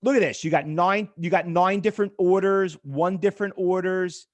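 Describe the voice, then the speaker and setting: A man's voice: sits high, normal speed. A middle-aged man teaching a live trading class over a chart on screen, telling stories and acting out quoted exchanges. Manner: animated, storytelling, acts out quoted exchanges. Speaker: trading instructor.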